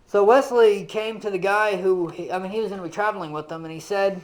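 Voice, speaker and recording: Male Bible teacher, fairly high voice, relaxed conversational delivery, quizzes his listeners directly. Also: a little fast, rough recording. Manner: conversational, peppered with "you know"; asks the listeners direct questions. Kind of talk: casual Bible lesson.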